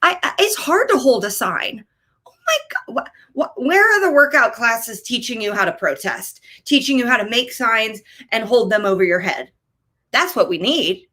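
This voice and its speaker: A woman in her thirties doing an animated stand-up set from a home office over a video call, ranting and leaping into high-pitched outbursts. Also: moderate pace. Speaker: stand-up comedian.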